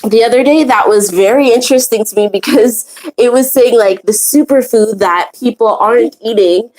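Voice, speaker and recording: A woman's voice: a little high, normal speed, a little mellow, poor audio. A woman hosting a women's spiritual circle, teaching in a casual, rambling way with many fillers and restarts and easy laughs.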